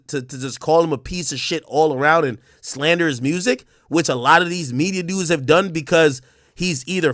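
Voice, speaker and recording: A Jamaican man talks bluntly in a casual livestream rant. His voice sits high and swings widely as he gets worked up. The sound is dry and close, with no room in it. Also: no room sound. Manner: animated, blunt, repeats words when getting going. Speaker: streamer and media personality.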